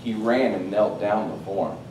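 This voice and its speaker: A man preaching a sermon, swinging between loud, excited exclamations and hushed, quiet asides. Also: moderate pace. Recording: roomy, distant mic with faint rumble.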